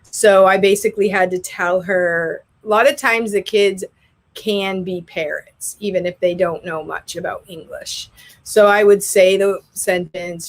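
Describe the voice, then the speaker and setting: A woman who teaches English online, chatting casually and telling rambling stories about her classes. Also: fairly low pitch. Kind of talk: casual vlog chat.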